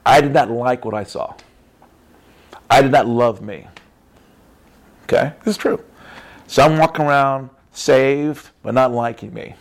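Man, Christian testimony talk, emphatic, repetitive, mid pitch. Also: measured pace, pauses often. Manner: repetitive, emphatic, frequent "right?" tags. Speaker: Christian speaker.

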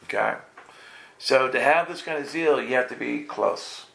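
Gravelly, bright-voiced New preacher. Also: male voice, mid-range voice, normal speed, a little hiss or hum. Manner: playful, acts out voices, quizzes the congregation. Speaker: pastor. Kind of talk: lively live sermon.

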